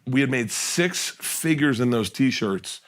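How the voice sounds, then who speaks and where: A middle-aged man spinning long stories on a podcast, a comedian guest who acts out each person he quotes. His pitch sits in the middle for a man, and his telling is loose and lively. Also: slow. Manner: animated storyteller acting out quotes. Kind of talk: casual podcast storytelling.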